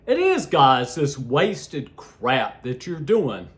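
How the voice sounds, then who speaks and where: Heated man ranting slowly with wild pitch swings. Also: huge pitch swings. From United States. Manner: heated, swinging between shouts and low asides; crude and blunt, laughs at his own jabs. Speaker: political vlogger. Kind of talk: ranting opinion vlog.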